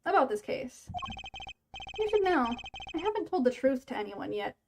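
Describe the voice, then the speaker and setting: A woman reading the lines of a calm, mysterious man, a former lawyer who now plays poker, in a laid-back, teasing way. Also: high voice, normal speed, creaky, background noise, exaggerated voice. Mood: cryptic. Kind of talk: reading game dialogue aloud. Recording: game music playing behind.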